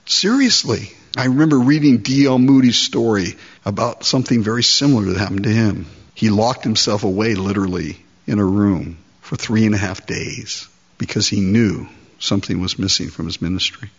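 A man preaching a sermon as pastor, lively and acting out little dialogues as he goes. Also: lowish voice, fairly quick, husky, highs cut off. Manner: animated, acts out dialogues with God.

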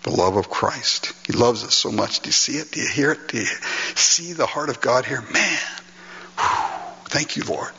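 Give me a male pastor preaching earnestly with a bright voice, recorded dull and reverberant in a church hall. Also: mid-range voice, expressive, moderate pace, creaky, slightly rough. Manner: earnest and emphatic, with frequent laughter. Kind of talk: sermon.

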